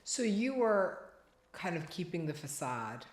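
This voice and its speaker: A woman's voice: lowish voice, big pitch swings, a little slow, roomy sound. A woman hosting a podcast interview, giving short supportive replies and restating what her guest says. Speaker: podcast host.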